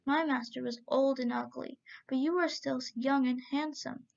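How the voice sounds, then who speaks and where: Woman voicing a loyal male goose, pleading and flattering, high, gravelly, lo-fi. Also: moderate pace. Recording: dull lo-fi recording.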